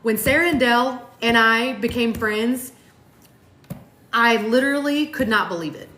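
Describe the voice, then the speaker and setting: A somewhat high-pitched woman talks in an earnest, emphatic way, driving her points home with repetition and the odd curse. The sound is roomy, with echo off the walls around her. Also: measured pace, sharp tone, slight background noise. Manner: emphatic, repetitive, swears casually. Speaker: co-host of a motivational talk show. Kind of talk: heartfelt motivational chat. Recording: echoey room.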